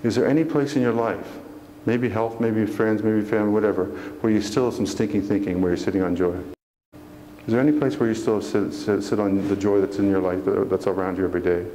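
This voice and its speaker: A man with a fairly low, warm voice speaks fairly quickly and steadily as a motivational speaker to a live audience in a church hall. Earnest and folksy, he often asks the audience questions, and the echoey, distant recording has a little hiss or hum.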